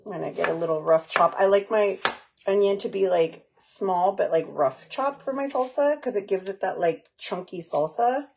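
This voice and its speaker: A mother with a creaky, mid-range voice chats at a moderate pace in her cooking vlog, talking to both her viewers and her child as she cooks at home. Kitchen noise can be heard in the background.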